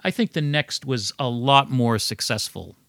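A man co-hosting a podcast, talking in a relaxed, opinionated way about music history. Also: mid-range voice, measured pace, creaky, no room sound. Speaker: podcast co-host. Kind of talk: casual music history chat.

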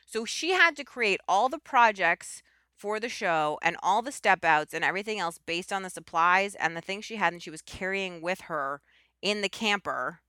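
Bright, crisp-voiced woman podcast host. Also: mid-range voice, lively intonation, normal speed, no room sound, studio quality. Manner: enthusiastic, rambling with asides. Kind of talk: casual chat.

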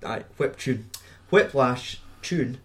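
A man's voice: mid-range voice, lively intonation, slow, fairly bright tone. A young man co-hosting a podcast, chatting casually about a film in a rambling, sweary way. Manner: rambling, sweary, laughs often. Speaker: podcast co-host.

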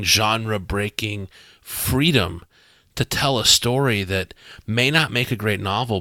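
A man with a bright, forceful voice and a fairly low pitch, talking as game master in a podcast chat. He tells the story in an animated way, restarts often and acts out the lines of the people in it. The sound is dry and close to the mic. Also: dry recording. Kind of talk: podcast discussion.

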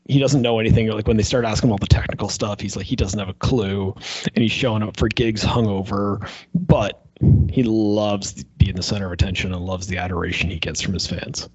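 Husky-voiced man chatting about movies. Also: lowish voice, a little mellow, dry recording, dull audio. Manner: laughing, joking, rambling. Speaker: podcast co-host. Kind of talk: casual movie chat.

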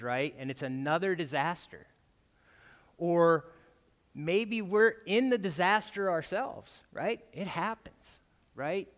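A man on the high side, with a fairly bright tone, gives a guest sermon in a church whose hall lends a long reverb. He speaks in a conversational way and habitually asks "right?" to punctuate his points.

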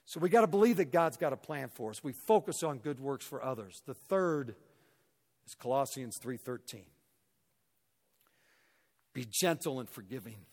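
A middle-aged man from Missouri giving a motivational talk to a hall audience, telling an animated story and acting out the dialogue. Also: mid-range voice, normal speed, pauses often. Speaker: guest speaker. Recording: echoey hall reverb.

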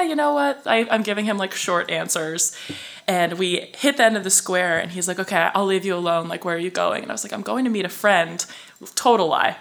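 A woman guest on a podcast, telling a story in a casual way, full of "like" fillers, acting out both sides of the talk. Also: on the low side. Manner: animated, acts out both sides with many "like" fillers.

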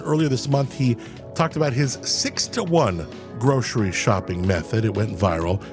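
A man hosting a casual radio show, joking with himself in playful asides. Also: mid-range voice. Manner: playful, self-mocking, jokey asides. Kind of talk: casual morning radio chat.

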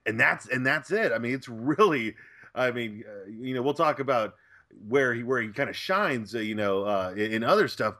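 A man's voice: medium pitch, a bit bright. A man co-hosting a casual movie podcast, rambling with many "I mean"s. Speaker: podcast co-host. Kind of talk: casual movie review chat.

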